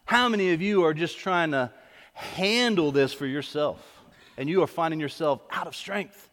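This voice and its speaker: A man's voice: a little high, normal speed, fairly bright tone. A man preaching a sermon as pastor, driving his points home with repeated questions and calls to come forward. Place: church sanctuary. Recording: echoey hall.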